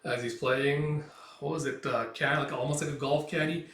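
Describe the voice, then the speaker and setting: A man's voice: medium pitch, steady tone, normal speed, fairly bright tone, echoey room, far from the mic. A man casually recapping a comic book page by page, rambling with lots of filler words. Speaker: comic reviewer. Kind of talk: casual comic read-through commentary.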